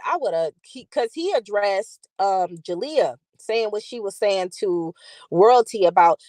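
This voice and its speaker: A woman's voice: mid-range voice, normal speed, no room sound. Chatty woman with a dry, close sound. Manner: chatty, animated, talks straight to viewers. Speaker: channel host. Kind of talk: casual commentary to a live chat.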